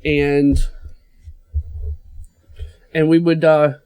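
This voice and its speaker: Male co-host, joking tone, slightly higher voice, dry sound. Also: flat delivery, extremely slow, darkish tone, clear, resonant tone, no echo. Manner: joking, teasing. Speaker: podcast co-host. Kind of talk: casual tech podcast chat.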